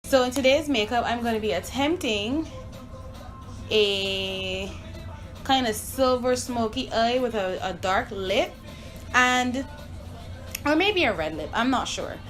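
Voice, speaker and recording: A woman's voice: fairly high pitch, slow, pauses often, faint music behind. Chatty young woman, Barbadian-American accent. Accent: Barbadian mixed with American. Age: young adult. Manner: chatty, relaxed, with fillers. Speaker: beauty vlogger. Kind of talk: casual makeup tutorial.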